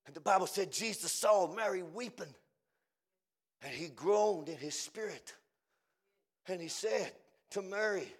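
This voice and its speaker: Male revival preacher with a very high, gravelly voice. Shouts, then drops to hushed, drawn-out words. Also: animated. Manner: swings between shouting and hushed low phrases, drawn-out words. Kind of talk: fiery revival sermon.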